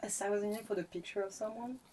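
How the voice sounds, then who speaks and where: A woman with a mid-range voice teases her co-hosts with quick interjections. The chat is casual. Loud crowd noise runs behind her. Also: medium pitch, fairly even intonation, recorded from a distance.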